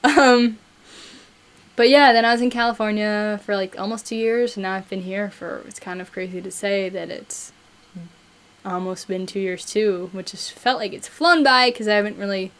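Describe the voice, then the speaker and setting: A woman in her twenties from Buffalo with a slight Buffalo accent, chatting casually and excitably with viewers on her live stream. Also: mid-range voice, moderate pace. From Buffalo, New York. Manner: chatty, excitable, reads viewer chat aloud. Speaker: musician streamer.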